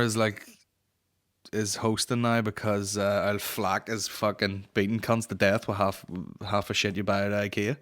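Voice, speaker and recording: Male comedy podcast host, lowish voice, crude sweary rants, acts out silly voices. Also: a bit bright.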